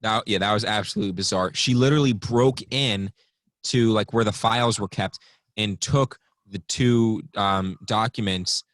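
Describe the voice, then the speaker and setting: A man's voice: lowish voice, normal speed, a bit bright, no echo. Young male podcast co-host, rambly and offhand, dry close sound. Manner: rambling, reads from notes with many ums. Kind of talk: casual podcast chat.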